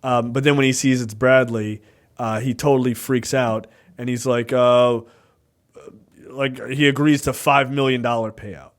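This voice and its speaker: A man co-hosting a casual film review podcast, retelling scenes in an animated way with many fillers. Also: medium pitch, unhurried. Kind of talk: casual chat.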